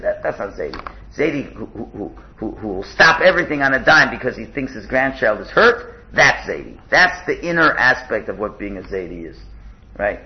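Male teacher, mid-range voice, halting restarts, glossing Hebrew into English, muffled lo-fi recording. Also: mid-range voice, background noise. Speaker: teacher of a religious text. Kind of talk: text-study lesson with stories.

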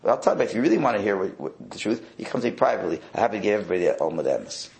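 A man, a rabbi, teaching a Torah class in a wry, animated way, sprinkling in Hebrew and Yiddish words. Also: fairly low pitch, very fast, gravelly.

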